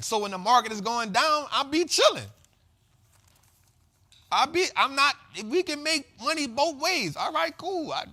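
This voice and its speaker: A man hosting a casual investing show, explaining market terms in slangy, repetitive, animated talk. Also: high voice, vocal fry. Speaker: host.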